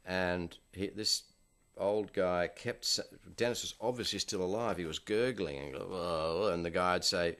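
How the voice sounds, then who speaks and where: A man's voice: low voice, steady tone, normal speed, fairly bright tone. A film director in an interview, dryly recounting set anecdotes and slipping into the voices of people he quotes. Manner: dry storyteller acting out quoted voices.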